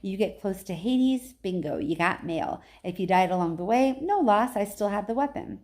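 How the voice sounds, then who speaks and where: A woman's voice: medium pitch, lively intonation, moderate pace, darkish tone, close to an everyday voice. A woman reading aloud, voicing a swaggering male war god who mocks and taunts a kid. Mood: taunting. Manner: sneering, taunting.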